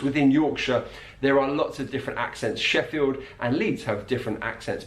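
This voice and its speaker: Male accent coach, patient and clear, mid-pitched, roomy recording. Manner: clear, patient, demonstrates sounds slowly. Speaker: accent teacher. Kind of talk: explanatory video lesson. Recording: echoey room.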